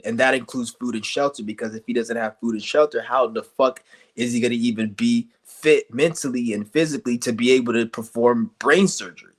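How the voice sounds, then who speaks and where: A man streaming an angry vlog rant, firing off heated, profane rhetorical questions and blunt insults. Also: mid-range voice. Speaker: streamer ranting to viewers.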